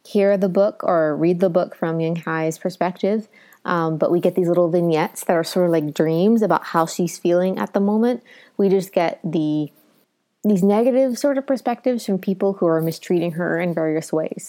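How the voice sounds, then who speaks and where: Lower-voiced woman gushing about a book she loved, casual podcast talk, lots of ums. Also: darkish tone. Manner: enthusiastic, many fillers. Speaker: podcast co-host. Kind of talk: casual book review chat.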